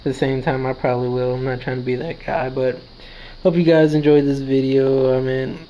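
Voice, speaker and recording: A man's voice: medium pitch, little pitch movement, normal speed, mellow, slight background noise, poor audio. A man casually narrating his own game match, sleepy and yawning, retelling his reactions in a chatty way. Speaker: gaming video creator. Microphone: handheld console recording.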